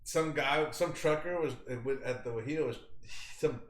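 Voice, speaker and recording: A man's voice: on the high side, normal speed. A man hosting a podcast, telling profane stories in casual chat and acting out the quotes. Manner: profane storytelling with acted-out quotes. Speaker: podcast host. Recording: echoey room.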